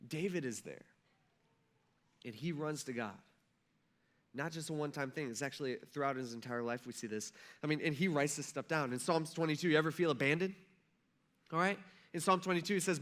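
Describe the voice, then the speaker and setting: Male pastor, bright, slightly high voice, casual conversational sermon delivery. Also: fairly quick. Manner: conversational, acts out quotes with rising intensity. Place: church sanctuary.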